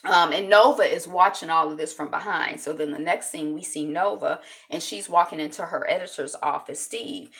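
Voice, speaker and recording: Woman vlogger, chatty episode recap, bright and forceful voice, lively storytelling. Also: low-pitched, normal speed, hardly any pauses. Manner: animated, chatty storytelling with many fillers. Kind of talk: casual spoken recap.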